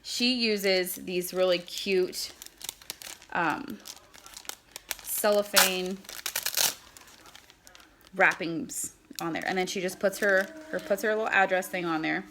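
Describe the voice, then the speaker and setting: A woman's voice: fairly low pitch, steady tone, slow, long pauses, noisy background. A woman giving a casual how-to demonstration, chatting as she packs and handles mail. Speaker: product seller.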